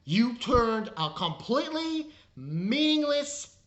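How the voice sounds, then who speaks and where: A woman's voice: fairly high pitch, sing-song, slow pace, highs cut off. A woman reviewing an anime in a casual rant, exasperated and swearing freely.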